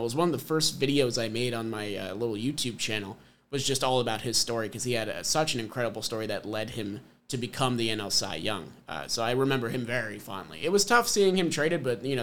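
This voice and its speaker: A man's voice: medium pitch, a bit bright. Chatty male podcast host. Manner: enthusiastic, segment-leading, chatty. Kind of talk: casual chat.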